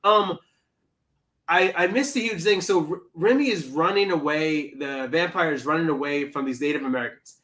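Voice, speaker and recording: A man co-hosting a film podcast in casual chat, animated and quick to act out what people said. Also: on the high side. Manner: animated, exclaims and acts out quotes.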